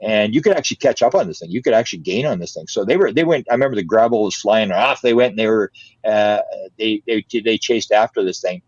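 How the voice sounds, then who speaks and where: Older male guest, lowish voice, lively storyteller, dry and slightly muffled sound. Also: quick pace, no echo. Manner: animated, repeats words, laughs often. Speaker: interview guest. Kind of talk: casual storytelling.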